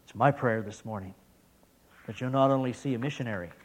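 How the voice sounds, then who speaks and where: A middle-aged man preaching a sermon as a missionary, telling a story and asking rhetorical questions, swinging from loud emphasis down to hushed whispers. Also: medium pitch, a little fast.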